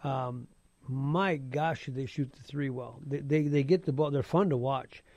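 A man's voice: mid-range voice, measured pace, a little mellow, no echo. A man talking sports on the radio in a casual, rambling way, repeating words as he goes. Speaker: sports analyst.

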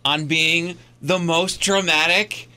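A man's voice: on the high side, fairly even intonation, takes it slowly, crowd noise. A man co-hosting a podcast in casual chat, with a wry, joking manner. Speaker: podcast co-host.

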